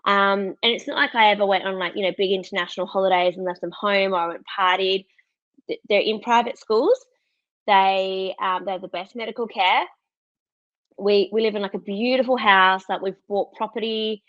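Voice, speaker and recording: A woman's voice: medium pitch, fairly even intonation, moderate pace, fairly bright tone, dry recording. An Australian woman in her thirties tells a personal story in candid, casual chat, laughing often and acting out what others said. Her voice sits close and dry, with a slightly dull, muffled sound. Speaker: podcast guest.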